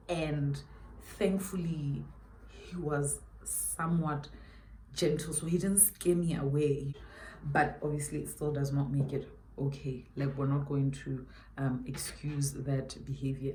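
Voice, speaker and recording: Low-voiced South African woman, emphatic. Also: dark tone, roomy sound, slight background noise. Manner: emphatic, repeats her points, chatty asides. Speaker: beauty YouTuber. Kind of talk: storytime while doing makeup.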